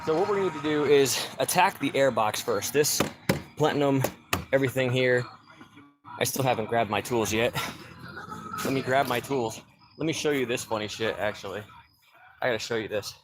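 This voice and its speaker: A man's voice: mid-range voice, normal speed, pauses often. A man chats loosely to his viewers while working outside, a bit out of breath. His voice sits in a middle register, and faint music plays in the background. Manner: loose, rambling, greets viewers by name. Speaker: livestreamer doing car repair. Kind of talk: casual livestream chat. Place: backyard, outdoors.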